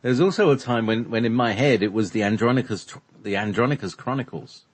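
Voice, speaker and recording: A man's voice: mid-range voice, quick pace, slightly rough. A man co-hosting a casual talk show, joking and chuckling through the banter. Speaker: co-host. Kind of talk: casual chat.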